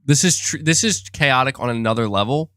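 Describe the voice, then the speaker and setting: Excitable young man rambling on a podcast. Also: mid-range voice, a little fast, no echo, clean studio sound. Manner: rambling, excitable, frequent restarts and laughs. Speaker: podcast host reading super chats. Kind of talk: casual live-stream chat.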